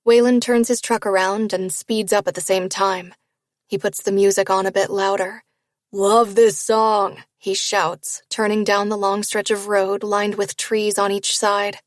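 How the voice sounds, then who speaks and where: A woman narrating a first-person romance novel in a steady storytelling read. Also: mid-range voice, normal speed, dry recording, studio quality. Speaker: audiobook narrator.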